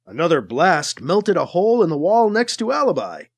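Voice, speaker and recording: An audiobook narrator reading an action story in a lively storytelling manner. The voice ranges very widely in pitch. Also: moderate pace, breathy edge. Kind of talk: scripted narration.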